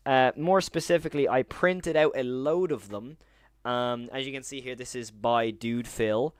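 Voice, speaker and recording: A man's voice: medium pitch, no echo. A man streaming live, chatting casually to his viewers with slangy, rambling talk and frequent laughter.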